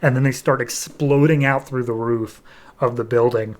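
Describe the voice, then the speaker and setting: A man's voice: medium pitch, fairly even intonation, moderate pace. A man hosting a podcast, giving a loose, chatty review full of fillers like "like" and "um". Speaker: podcast host reviewing comics.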